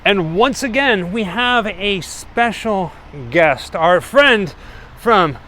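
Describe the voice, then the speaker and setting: A man's voice: sits high, animated, slow, pushed and bright, a little hiss or hum. A man hosting a casual vlog, talking in an upbeat, conversational way as he walks onto a studio lot. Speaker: host. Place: outdoors on a studio lot, then inside a soundstage.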